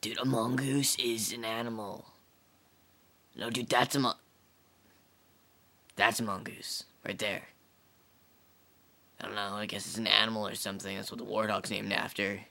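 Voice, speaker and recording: A man's voice: lowish voice, level tone, moderate pace, gravelly, long pauses, sharp tone. A young man rambling and swearing while goofing around, testing out voices. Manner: rambling, profane, goofy. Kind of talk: goofy voice testing.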